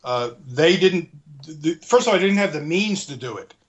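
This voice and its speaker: Male interview guest with a slightly raised pitch, earnest and searching for words, restating his points as he explains. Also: lively intonation, normal speed, muffled recording. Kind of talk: conversational explanation.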